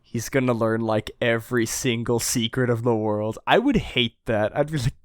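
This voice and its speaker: A man co-hosting a casual podcast chat, excitable, laughing often and acting out quotes. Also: medium pitch, normal speed, clean tone, no echo, clean studio sound. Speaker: podcast co-host. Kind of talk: casual chat reviewing a chapter.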